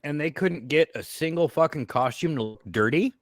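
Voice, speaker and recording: A man co-hosting a podcast, talking excitedly and profanely about a horror film with a friend. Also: a little high, normal speed, no room sound, studio quality. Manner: excitable, swears, bursts into shouts. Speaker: podcast co-host. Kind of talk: casual movie review chat.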